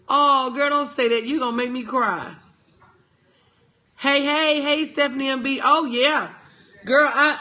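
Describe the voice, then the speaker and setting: Woman consultant hosting a motivational livestream from a phone, high and bright, big on call-and-response. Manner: call-and-response, greets viewers by name. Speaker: business consultant.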